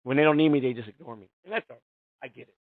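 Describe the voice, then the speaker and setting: A man's voice: mid-range voice, racing, no echo. Profane rambling man on a tinny line. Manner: profane, rambling and heated, with many restarts. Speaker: radio show host. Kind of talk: casual call-in radio talk. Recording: tinny, dry phone-line sound.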